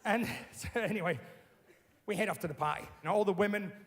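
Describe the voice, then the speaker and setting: Man, high-pitched voice, animated blunt storytelling, casual interview talk. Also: fairly quick. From Australia. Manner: animated, blunt, swears freely.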